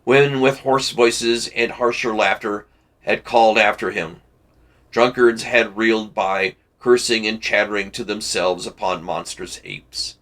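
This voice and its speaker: A man reading a classic novel aloud for a book club, measured and deliberate with occasional slips. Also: on the low side, fairly even intonation, fairly bright tone.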